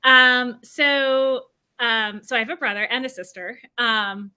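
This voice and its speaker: An author from New Jersey answers questions at a livestreamed book event over a video call, filling her speech with fillers and restarts. Her voice is on the high side, clear and resonant with a sharp edge, and she talks a little slowly.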